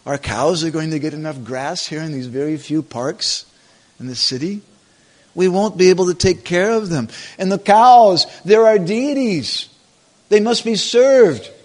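A man's voice: high-pitched, unhurried, a little mellow, voice pushed up. A man voicing Krishna, an earnest, reassuring youthful divine son, in a devotional story retelling.

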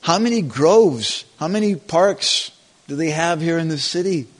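A man's voice: a little high, expressive, unhurried, pitched above the performer's own voice. A man voicing Krishna, an earnest, reassuring youthful divine son, in a devotional story retelling.

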